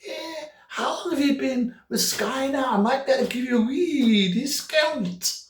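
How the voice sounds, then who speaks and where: Man doing a high-pitched, endlessly talkative Scottish woman on a phone line, overly friendly. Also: lively intonation, a little slow, echoey room, far from the mic, slight background noise. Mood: chatty. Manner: overly friendly, sing-song, keeps chatting.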